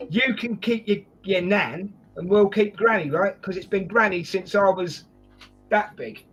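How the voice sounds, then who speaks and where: Guy hosting a football chat, jokey, calls everyone mate, bit high voice, faint music behind. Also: unhurried, a bit bright, slightly rough. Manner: jokey, chatty, addresses guests as mate. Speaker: host. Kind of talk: casual football preview chat.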